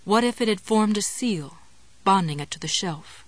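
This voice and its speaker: A woman reading a novel aloud as an audiobook narrator, in a measured storytelling delivery. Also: mid-range voice, animated, no room sound. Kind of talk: scripted narration.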